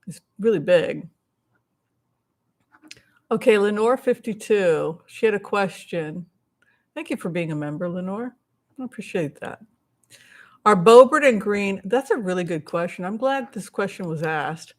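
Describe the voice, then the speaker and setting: A woman with a medium-pitched voice reads tarot on a casual live stream. Her chatter drifts through many asides while she responds to viewers' questions and thanks donors.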